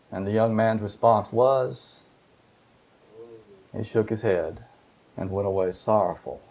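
A man's voice: lowish voice, takes it slowly, long pauses, darkish tone. A man preaching a sermon, walking through scripture verses in a conversational way and asking his listeners rhetorical questions.

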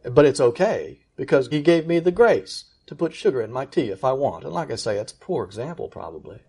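A man preaching with steady conviction. He leans hard on key phrases and slows down to drive them home, in an ordinary-pitched voice. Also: slightly rough. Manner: earnest, emphatic preaching, slows for key words. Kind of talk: sermon.

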